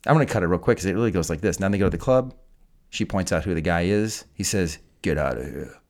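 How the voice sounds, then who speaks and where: A man's voice: sits low, quick pace, darkish tone. A man hosting a podcast, recapping a film in a casual, profane and incredulous rant. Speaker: podcast host. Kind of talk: casual film review chat.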